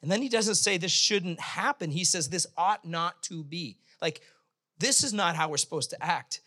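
A man preaches with a high, bright voice that carries easily. His sermon is conversational and joking, and he slips into quick acted voices to make his points. He sounds like a pastor talking plainly to a congregation.

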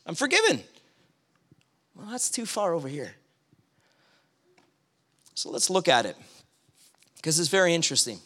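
Bright-voiced preacher man, conversational. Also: a little high, moderate pace, long pauses. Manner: conversational storytelling, animated when acting out anger. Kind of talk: sermon.

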